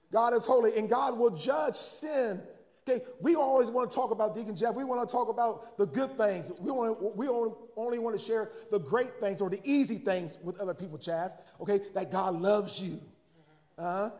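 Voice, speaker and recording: High-voiced preaching pastor, calling out. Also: male voice, a little fast, mellow. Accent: American. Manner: repeats words, asks "huh?" to the congregation. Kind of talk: sermon.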